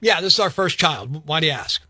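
An earnest young father on a prank call, put on by a radio host speaks in a hushed, hesitant, confiding tone and stumbles over his words. His voice sits fairly high and sounds dry and close. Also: very animated, a little fast, husky, no echo, full character voice.

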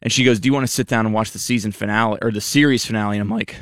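A man co-hosting a casual chat, telling an animated story about his wife. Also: fairly low pitch, rapid-fire, no room sound, clean studio sound. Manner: animated anecdote teller.

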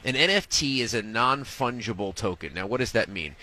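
A man's voice: mid-range voice, expressive, bright, forceful tone. A man being interviewed as a guest at a live event, telling stories with jokes and acting out what other people said. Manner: quick, jokey, acts out his wife in the story. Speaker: sports business reporter, guest. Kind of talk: animated interview storytelling. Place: radio row booth at a live event.

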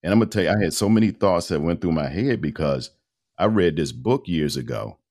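A man in his fifties, a radio host and voice-over artist, telling his story in a casual, animated interview with colloquial phrasing. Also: low voice, a little fast. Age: 50s.

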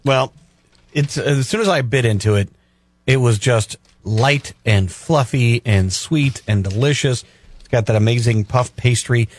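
A man's voice: medium pitch, a little slow. A man on a radio show describing a dessert in casual, enthusiastic detail. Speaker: radio traffic and weather reporter.

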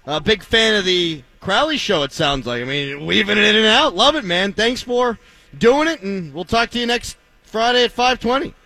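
A man's voice: high voice, animated, moderate pace, bright, forceful tone, no echo. A male radio host picking football games with wry, enthusiastic commentary. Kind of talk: sports talk radio.

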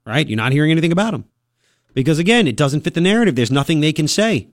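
A man hosting a talk radio show, opinionated and sarcastic, with quick asides. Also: a little high, lively intonation, no room sound, clean studio sound. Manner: brash, sarcastic, rapid asides. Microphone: studio microphone.

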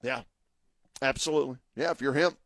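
A man's voice: mid-range voice, fairly quick, creaky, fairly bright tone, dry recording. A man co-hosting a sports radio show, chatting loosely about the team's payroll. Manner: chatty, loose, laughing asides. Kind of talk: casual sports talk radio banter.

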